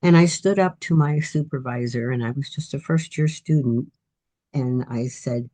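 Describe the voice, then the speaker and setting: Octogenarian woman author, husky and mellow voice, telling reflective, encouraging stories in a casual interview. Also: very deep voice, moderate pace. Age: 80s. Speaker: author guest.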